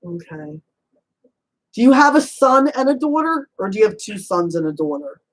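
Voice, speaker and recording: A chatty woman giving a casual spirit reading, her voice sitting at a middle pitch for a woman. She fires off quick probing questions, laughs easily, and drops in endearments like honey and hon. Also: very animated, low-quality recording. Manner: chatty, warm endearments, frequent "you know". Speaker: psychic medium.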